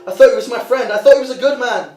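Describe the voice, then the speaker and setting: A man's voice: very high-pitched, rapid-fire, echoey room, over music, pitched above the performer's own voice. A man voicing a heartbroken young dwarf apprentice who speaks in an earnest, pleading way. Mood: hurt.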